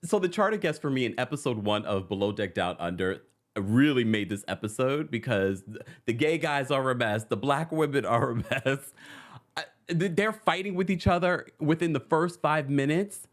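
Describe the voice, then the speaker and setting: A man hosts a loose, chatty recap of reality TV at a middle pitch. His voice rises and falls a lot as he laughs and mimics people from the show. The delivery stays casual and animated throughout. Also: normal speed. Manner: animated, laughs often, acts out quotes in put-on voices. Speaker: host.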